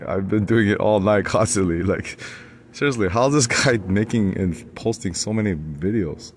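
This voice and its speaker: A man's voice: on the low side, moderate pace, slight background noise. A man in his forties talking on and on from a spa tub, swearing, laughing often and jumping from one topic to the next. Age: 40s. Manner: profane, laughs often, jumps between topics. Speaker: vlogger. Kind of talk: rambling monologue.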